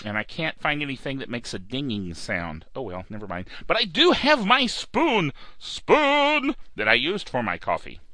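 A man's voice: medium pitch, sing-song, moderate pace, hardly any pauses, bright, forceful tone, no room sound. A man hosting a podcast in casual, rambling chat, joking and drifting off track before finding his way back. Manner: jokey, wanders off track and back. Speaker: podcast host.

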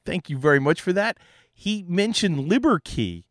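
A man's voice: sits high, lively intonation, normal speed, no echo, studio quality. A man with a Philadelphia accent hosting a podcast, chatting casually as he thanks listeners and answers their messages. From Philadelphia, USA. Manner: chatty, thanks callers, restarts sentences. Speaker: podcast host.

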